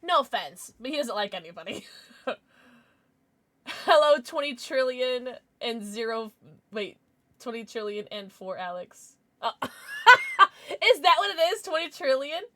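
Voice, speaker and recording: A woman's voice: sits high, big pitch swings, takes it slowly, bright, forceful tone. A woman streaming live, chatting casually with viewers and cooing over her pets. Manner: bubbly, coos over her pets, laughs often. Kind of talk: casual livestream chat.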